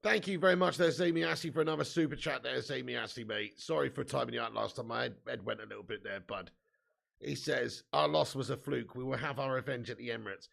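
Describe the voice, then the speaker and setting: A man's voice: medium pitch, expressive, a little fast, gravelly, fairly bright tone. A young man hosting a live football watch-along, reading out viewer comments and ranting bluntly about his team's heavy loss. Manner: blunt, sweary, frustrated fan banter.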